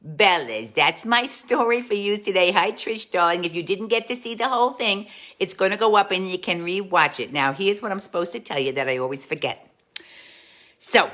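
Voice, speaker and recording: A woman playing a warm, gossipy aunt who hosts a live stream, chatting to viewers and calling them dolls. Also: mid-range voice. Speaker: comic host. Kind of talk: live-stream storytelling in character.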